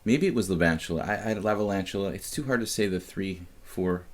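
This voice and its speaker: A man streaming chess online, thinking aloud about the game in a halting way, with many fillers and restarts. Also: sits low, lively intonation.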